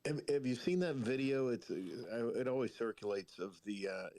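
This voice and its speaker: A man's voice: mid-range voice, lively intonation, normal speed, a little mellow, dry recording. A man in a casual chat, wryly retelling a movie scene and voicing its characters. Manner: wry, retells film scenes with put-on voices.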